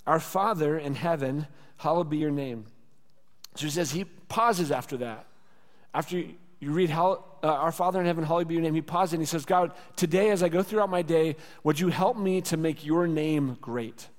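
Male pastor, 30s, earnest conversational sermon, higher-pitched, reverberant sanctuary sound. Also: fairly quick. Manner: earnest, conversational preaching with spoken prayers. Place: church sanctuary.

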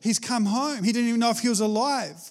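A male preacher giving a casual, conversational sermon, animated and chatty, with frequent restarts. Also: very high-pitched, fast.

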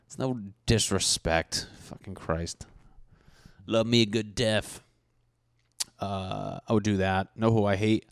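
A man hosting a podcast, ranting in a casual, profane and animated comic way into a handheld microphone. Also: lowish voice, slow pace, vocal fry, long pauses, no echo. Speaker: podcast host. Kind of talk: casual comedic rant.

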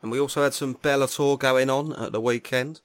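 A man co-hosting a sports podcast in relaxed, easygoing casual talk. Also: medium pitch, brisk. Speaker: podcast co-host.

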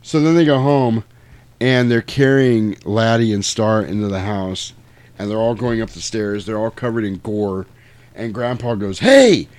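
A man casually retelling a movie plot, animated and swearing, now and then jumping into loud character voices. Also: on the low side, moderate pace, smooth. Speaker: podcast host retelling a movie. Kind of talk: casual chat.

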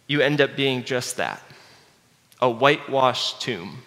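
A man preaching a sermon earnestly, dropping low and quiet to stress his key points. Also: lively intonation, slow pace. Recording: long hall reverb.

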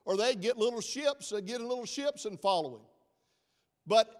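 A middle-aged pastor with a drawl, his voice sitting high for a man, delivers a folksy, easygoing sermon and teases his flock. His words ring out through the long reverb of a church sanctuary. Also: expressive, normal speed. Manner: folksy, chatty, jokes with the congregation.

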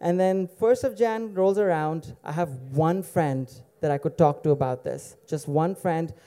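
Man with a very dark, smooth voice. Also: a little high, a little slow. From Dubai. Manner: casual, digressive, with wry asides. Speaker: storyteller. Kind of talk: live personal storytelling.

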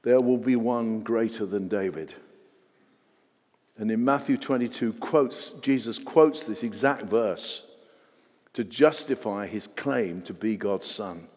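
A man's voice: lowish voice, takes it slowly, a little mellow. A man preaching a sermon in an earnest way, repeating words for emphasis and putting questions to the congregation. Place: church. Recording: long church reverb.

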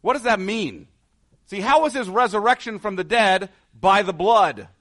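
A man preaching as a pastor, earnest, asking rhetorical questions and moving between soft, low passages and emphatic ones. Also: moderate pace. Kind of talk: sermon.

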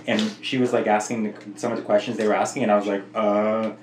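A man's voice: fairly low pitch, little pitch movement, fast talker, far from the mic. A man in casual chat, bantering and teasing. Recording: echoey room.

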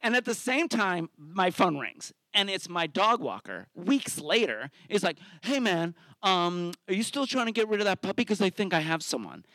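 Man, story slam host, comic storytelling, high voice, lively swoops. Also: normal speed, few pauses, no echo, studio quality. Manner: animated, acts out quotes with big voice swings. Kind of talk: comic personal storytelling on stage. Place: theater stage.

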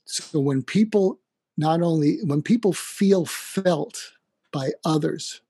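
A man's voice: on the high side, takes it slowly, mellow, husky, dry recording. A man, a doctor and author, speaking earnestly in an interview, often stumbling and restarting. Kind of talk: casual interview talk.

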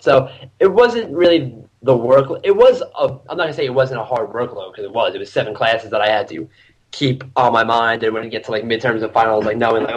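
A man's voice: mid-range voice, a little fast, low-quality recording. Young man telling a laughing, profane story. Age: young adult. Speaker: podcast guest. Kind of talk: casual chat.

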